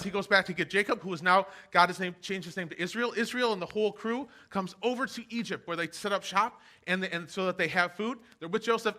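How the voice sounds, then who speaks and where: A man giving a casual sermon for an online church service, retelling a Bible story in a chatty, animated way. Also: high voice. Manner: chatty, animated storytelling with playful quoted voices. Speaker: pastor.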